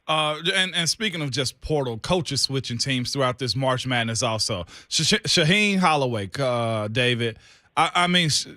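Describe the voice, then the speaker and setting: A man's voice: mid-range voice, lively intonation, normal speed, bright, forceful tone, no echo. A man hosting a sports radio show in a studio, rambling with stumbling restarts. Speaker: radio host. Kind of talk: casual sports radio chat.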